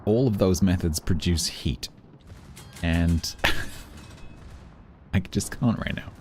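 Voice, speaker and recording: A man's voice: sits low, extremely slow, slight background noise. A British man streaming a game, chatting casually with his viewers in a rambling, dry, self-mocking way. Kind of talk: casual chat while gaming.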